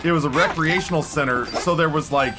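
A man's voice: on the high side, fairly quick, over music. An American man streaming, chatting casually with his viewers in a rambling way, often stopping and restarting his sentences. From United States. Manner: rambling, self-interrupting with many restarts.

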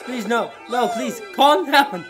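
A woman's voice: fairly high pitch, animated, takes it slowly, music in the background. A woman hosting a reaction video, exclaiming, swearing and laughing in disbelief. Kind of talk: casual reaction commentary.

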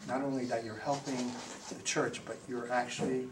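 A man's voice: medium pitch, moderate pace. A man, a priest, giving a talk to a parish group and answering questions, telling stories with jokes. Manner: animated storyteller, joking. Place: parish hall with audience. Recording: roomy, distant, noisy hall recording.

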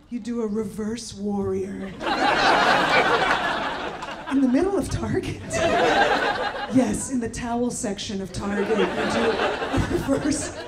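Brash comedian woman on a loud stage. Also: a little high. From former Soviet Union. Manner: brash, shouting punchlines, mock-gentle asides. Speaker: stand-up comedian. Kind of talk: stand-up comedy set. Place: comedy venue with live audience. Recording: loud crowd and room noise. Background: audience laughter.

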